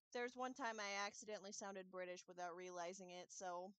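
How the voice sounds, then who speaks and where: A woman's voice: mid-range voice, little pitch movement, normal speed, a bit bright, clean tone, no room sound. A woman chatting casually on a gaming stream, rambling and laughing often. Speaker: gamer on a stream.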